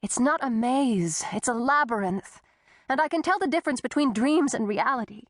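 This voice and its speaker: A woman's voice: on the high side, expressive, normal speed, no echo, studio quality, pitched above the performer's own voice. A woman voicing a frightened young woman whose tense voice keeps breaking as she pleads. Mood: desperate.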